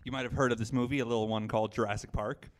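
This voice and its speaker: A man's voice: medium pitch, fairly even intonation, rapid-fire, a little hiss or hum. Jokey man telling a story. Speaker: podcast guest. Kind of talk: casual group chat.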